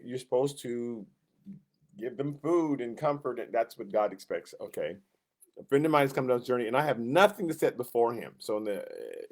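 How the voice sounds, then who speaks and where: Man, Sunday school teacher; casual, animated Bible teaching, mid-pitched voice, acts out quotes. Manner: animated, acts out quotes in raised voice, self-interrupting.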